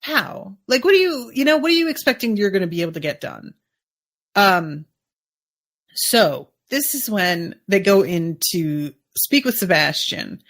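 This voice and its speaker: Slow-talking woman recapping a show. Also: mid-range voice, very animated, fairly bright tone. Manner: chatty, musing, full of "like" asides. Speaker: podcast host. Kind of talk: casual episode recap.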